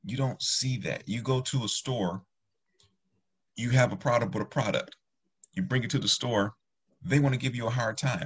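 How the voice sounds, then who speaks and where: A man's voice: mid-range voice, moderate pace, pauses often, husky. A man who teaches martial arts, talking earnestly in a rambling, casual discussion with many restarts.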